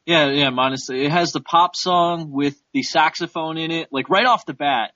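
A man's voice: fairly high pitch, moderate pace, bright, forceful tone, dry recording. A man in a casual movie review chat, joking and enthusiastic, often restarting his sentences. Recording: dull lo-fi audio.

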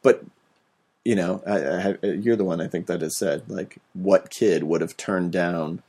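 A man's voice: low-pitched, fairly even intonation, measured pace, a little mellow, husky. A man hosting a casual podcast, talking about films in a rambling, profane way. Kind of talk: casual film chat.

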